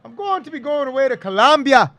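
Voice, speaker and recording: A man's voice: very high-pitched, very animated, fast, pushed and bright. A man hosting and commenting on old wrestling footage in a casual, rambling way, with lots of fillers and jokes. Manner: rambling, filler-heavy, jokey. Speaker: host and commentator.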